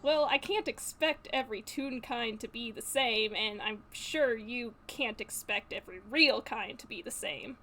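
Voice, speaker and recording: A woman's voice: fairly high pitch, a little slow, hardly any pauses, bright, forceful tone, a little hiss or hum. A woman voicing a polite but firm young adventurer.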